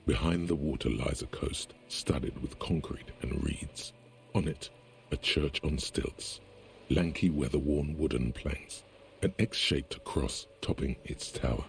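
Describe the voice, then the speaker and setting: A man giving scripted narration for a video game, in a measured tone. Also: rumbling low, slight background noise, heavily acted. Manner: gravelly, measured. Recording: game audio over the stream, faint music.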